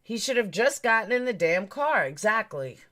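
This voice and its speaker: A woman's voice: mid-range voice, sing-song, normal speed, a bit bright. A woman hosting a true crime live stream, talking straight to her chat in a blunt, emphatic, opinionated way.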